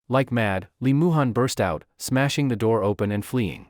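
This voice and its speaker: A man narrating a comic recap story with a dramatic, animated delivery. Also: medium pitch, normal speed, no echo, clean studio sound.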